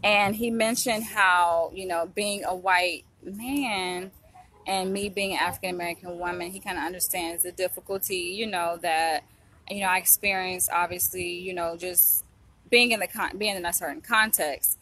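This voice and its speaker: A young woman talks straight into her own camera in a loose, chatty vlog. Her voice is bright and clear, and she speaks with open emotion, often calling out to her viewers as she tells her story. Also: fairly low pitch, steady tone, normal speed. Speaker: vlogger, psychology trainee. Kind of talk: casual chat to camera.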